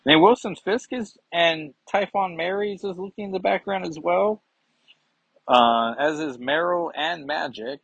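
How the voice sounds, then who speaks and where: A man's voice: a little high, unhurried, vocal fry, a bit bright, slightly rough, dry recording. A man giving a chatty, rambling comic book review, with self-mocking asides. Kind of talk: casual review vlog. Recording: dull lo-fi sound.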